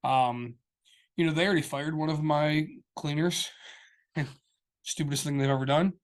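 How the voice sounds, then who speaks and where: A man's voice: a little high, fairly even intonation, normal speed. Rambling man telling stories. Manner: rambling storyteller, acts out quoted people. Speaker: podcast co-host. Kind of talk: casual chat.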